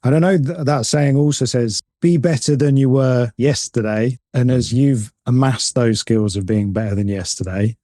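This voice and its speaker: A man's voice: mid-range voice, moderate pace, hardly any pauses, warm tone, no echo, clean studio sound. A man hosting an interview, thanking his guest and asking polite, encouraging questions. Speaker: podcast host.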